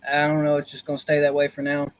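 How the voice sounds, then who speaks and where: A man on a casual livestream, speaking into his laptop from a cozy, dim corner of his room. His voice sits a little high, and he rambles and circles back over his points. He sounds earnest and conspiratorial. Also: monotone, fast talker. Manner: rambling, repeats himself. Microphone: laptop built-in mic.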